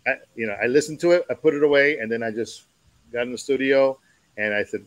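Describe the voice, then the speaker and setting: A man talking as a guest music producer in a casual chat, telling stories in an animated way. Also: mid-range voice, fast, no echo, rough recording.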